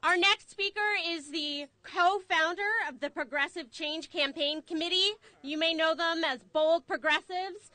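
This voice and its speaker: A woman's voice: very high voice, a little slow, hardly any pauses, sharp tone. A woman acting as emcee at an outdoor rally, introducing speakers and thanking partners. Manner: upbeat, announcing.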